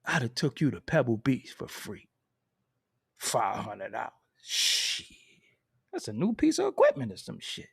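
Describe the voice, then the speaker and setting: A man's voice: medium pitch, huge pitch swings, moderate pace, gravelly, breathy edge, dry recording, clean studio sound. A man telling a story in a casual, profane and emphatic way, laughing between lines.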